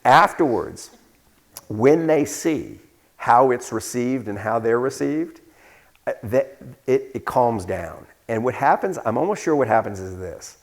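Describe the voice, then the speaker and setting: Gravelly man telling a rambling story. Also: mid-range voice, animated, measured pace. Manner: rambling storyteller with many restarts. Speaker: author answering questions. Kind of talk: live onstage conversation.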